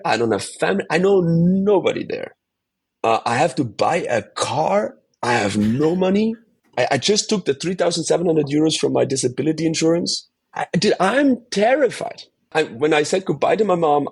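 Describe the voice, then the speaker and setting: Husky Austrian man telling a story. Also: medium pitch. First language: German. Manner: animated storyteller, swears casually, says dude a lot. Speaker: podcast guest. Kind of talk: casual storytelling interview.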